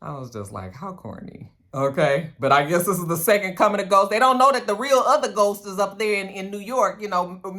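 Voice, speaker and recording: A woman's voice: fairly low pitch, fairly bright tone. A woman in a casual recap vlog, chatty and blunt, swearing freely and acting out characters' lines. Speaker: TV recap vlogger.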